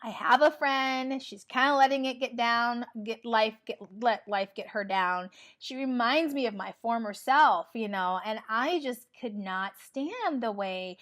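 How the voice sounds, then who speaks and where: Animated woman in her 40s, chatty vlog talk, voice on the high side. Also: unhurried, few pauses. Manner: chatty and animated, acts out quoted lines. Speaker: vlogger. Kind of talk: casual motivational vlog.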